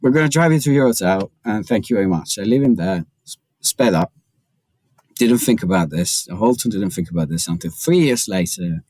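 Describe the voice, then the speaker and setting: Low-voiced chatty male storyteller. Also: no echo, low-quality recording. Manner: animated, chatty storyteller peppering talk with "like". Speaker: journalist and author, guest. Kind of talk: casual podcast storytelling.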